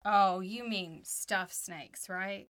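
A woman with an ordinary mid-range voice co-hosts a casual podcast from a playroom at home. She leads the talk by gently quizzing her young child with simple questions. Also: mid-range voice, drawn-out words. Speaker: podcast co-host and mother.

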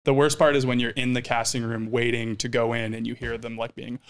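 A man's voice: mid-range voice, a little fast, smooth. A young man, a comedian and actor, telling stories casually with lots of laughs and swearing. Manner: animated, swears, laughs often. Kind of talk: casual storytelling.

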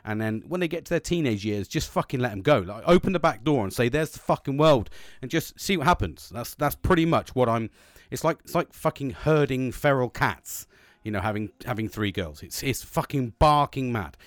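A man's voice: medium pitch, lively intonation, brisk, no echo, clean studio sound. A man, telling stories on his podcast in a rambling, sweary way with frequent laughs. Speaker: podcast host. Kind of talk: casual storytelling chat.

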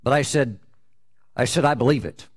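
A man's voice: medium pitch, normal speed. A man telling a personal testimony in a conversational way, with many fillers and restarts.

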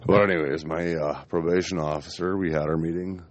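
A man's voice: low voice, steady tone, a little fast, muffled recording, slight background noise. A young man casually telling a profane, rambling anecdote outdoors in his backyard. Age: young adult. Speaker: storyteller.

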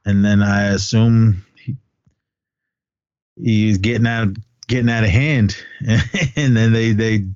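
A man's voice: fairly low pitch, fairly even intonation, takes it slowly, long pauses, a little mellow, smooth, no room sound. A man co-hosting a podcast, casually recapping a film in a rambling way, full of restarts. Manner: rambling retelling, many restarts and "he goes". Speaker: podcast co-host. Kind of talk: casual movie recap chat. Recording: muffled dry lo-fi audio.

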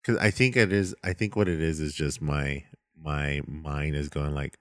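A man's voice: extremely low pitch, fairly even intonation, moderate pace, hardly any pauses, dry recording, studio quality. A man in casual chat, easygoing and laughing along, often restarting his sentences.

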